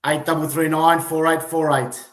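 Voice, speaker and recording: A man's voice: a little high, level tone, normal speed, reverberant. A man co-hosting a football podcast, laid-back and hesitant. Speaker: podcast co-host. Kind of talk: casual sports chat.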